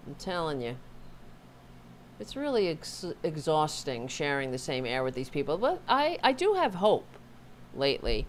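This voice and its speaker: Host type: sarcastic woman, low-pitched, slow and animated, talking to her dog at home. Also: a little hiss or hum. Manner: sarcastic, scolding, rambling asides. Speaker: host of a political livestream. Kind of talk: live-streamed political commentary.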